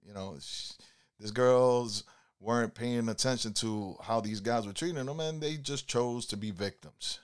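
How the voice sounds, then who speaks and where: In a smooth, mid-range voice and an unhurried delivery, a male driver recounts driving tales to his passenger. He hands out life lessons casually but preachily, relaxed, with plenty of "you know"s.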